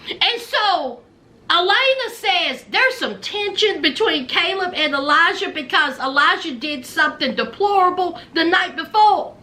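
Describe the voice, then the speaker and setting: Tipsy animated woman recapping a show. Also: very high-pitched. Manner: animated storyteller, acts out quotes, laughs. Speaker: recap commentator. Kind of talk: casual reality show recap.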